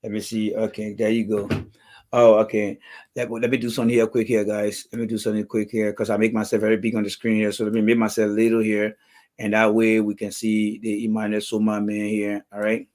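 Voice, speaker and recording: A man's voice: fairly low pitch, monotone, fairly quick, a little mellow. A man with a Liberian English accent hosting a political livestream, reading viewer comments and bluntly calling people out. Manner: blunt, repetitive, calls out commenters. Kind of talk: live stream talk reading comments.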